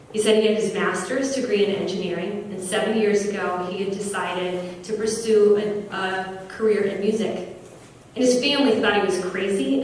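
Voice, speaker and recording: A woman's voice: medium pitch, a little mellow. Earnest woman storyteller in an echoey hall. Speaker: business founder. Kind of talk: personal storytelling speech. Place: large echoey venue at an opening event. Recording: echoey room from far off, faint noise.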